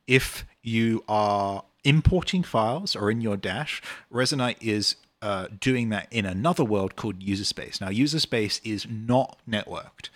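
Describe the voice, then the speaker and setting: A man's voice: on the low side, a bit bright, no echo. A British man, a game developer, answering chat questions in a rambling, casual livestream Q&A full of ums and uhs.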